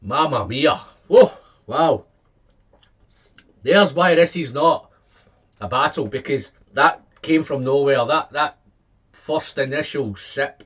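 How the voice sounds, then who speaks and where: A man giving a casual whisky tasting review, excitable and quick to exclaim, reeling off tasting notes and repeating his words. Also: a little high, dull audio.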